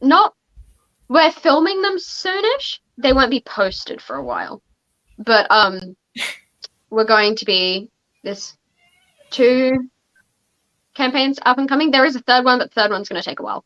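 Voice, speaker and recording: A woman's voice: sits high, measured pace, pauses often, fairly bright tone, dull audio. A young woman hosting a casual livestream chat, talking about running tabletop games with lots of fillers and restarts. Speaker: podcast host and game master.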